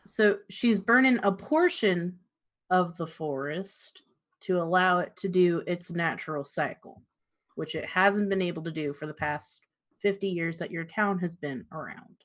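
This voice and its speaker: A woman player in a tabletop game, explaining things quickly and insistently. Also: on the low side. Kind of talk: casual tabletop play.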